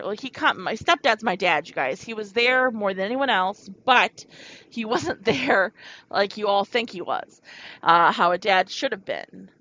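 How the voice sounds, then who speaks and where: A woman's voice: medium pitch, fairly bright tone. A woman frankly telling her own life story to her viewers in a rambling, confessional way. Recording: dull lo-fi recording.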